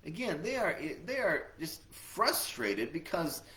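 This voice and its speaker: A man leads a Bible lesson in a relaxed, conversational way, often checking in with his listeners. His pitch sits slightly high and moves a lot. The room around him echoes. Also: unhurried, few pauses. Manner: conversational, animated, often asks "right?". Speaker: Bible teacher.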